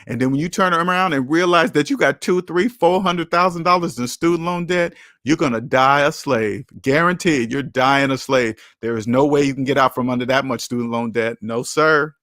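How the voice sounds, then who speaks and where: A man's voice: medium pitch, normal speed, few pauses, fairly bright tone, no room sound, clean studio sound. A man hosting a personal finance livestream who talks bluntly to his chat, lectures like a preacher and repeats his key phrases for emphasis. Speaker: personal finance channel host. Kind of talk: livestream talk answering chat.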